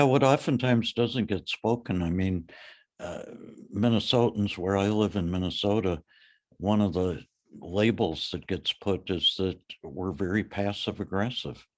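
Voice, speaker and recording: A man's voice: low voice, slightly rough. A man co-hosting a podcast, telling personal stories in a candid, plain-spoken, reflective way. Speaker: podcast co-host. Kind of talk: reflective casual discussion. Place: lives in Minnesota.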